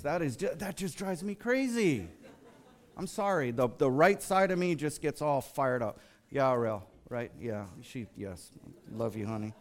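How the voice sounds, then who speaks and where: An American man preaching a sermon in a conversational, storytelling way. He acts out the people in his stories, jumping between a hushed, low voice and a high, fired-up one. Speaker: lay preacher.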